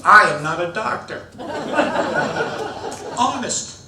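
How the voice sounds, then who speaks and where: An older man, an after-dinner speaker telling stand-up style comic stories, building to excited shouted punchlines. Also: high-pitched, takes it slowly, crowd noise, background noise. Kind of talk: stand-up storytelling. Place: large event hall with an audience. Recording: echoey hall, mic at a distance, audience laughter.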